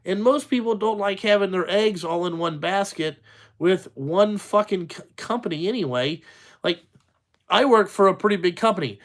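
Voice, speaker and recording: A man's voice: high voice, normal speed, fairly bright tone. Male trucker vlogger, casual rant: blunt, foul-mouthed, exasperated, rambling with lots of fillers. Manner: profane, blunt, exasperated ranting with many fillers; talks in loose run-on asides, asks "you know what I'm saying?". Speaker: truck driver, channel host. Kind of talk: casual ranting vlog.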